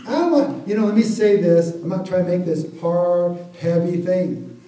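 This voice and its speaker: High-voiced preacher in an echoey room. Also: male voice, normal speed, mellow, slight background noise. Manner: conversational, keeps asking the congregation for an amen. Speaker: pastor. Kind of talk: sermon. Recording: echoey room, voice from far off the mic.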